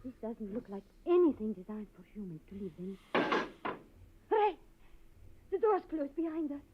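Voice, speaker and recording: A jittery Russian-accented pilot. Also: female voice, a little high, very animated, normal speed, noisy background. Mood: frightened. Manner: hesitant, stammering and formal. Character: nervous young woman rocket pilot from the East. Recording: muffled old film audio.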